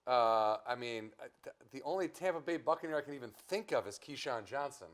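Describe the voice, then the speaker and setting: A man's voice: medium pitch, animated, a little fast. A man on a comedy panel, riffing and laughing a lot through the banter. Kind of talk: joking banter.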